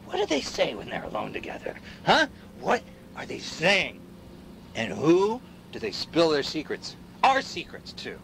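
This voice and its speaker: Game role: a middle-aged paranoid pundit, fiery rant, bright, wildly swooping pitch, hushed whispers to shouts. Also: male voice, huge pitch swings, a little slow, vocal fry, a little hiss or hum, exaggerated voice. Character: paranoid male pundit ranting against machines. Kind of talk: video game dialogue.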